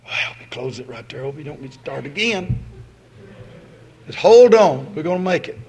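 A man preaching a sermon, folksy and swinging between loud exhortation and quiet asides. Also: on the high side, animated, moderate pace, breathy edge.

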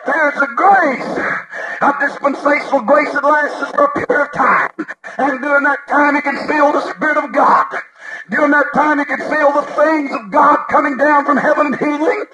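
High-pitched shouting preacher man. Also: normal speed, soft background music, low-quality recording. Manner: fervent, shouting, calls for amens. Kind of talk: shouted revival sermon. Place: church service. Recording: live service with congregation audible.

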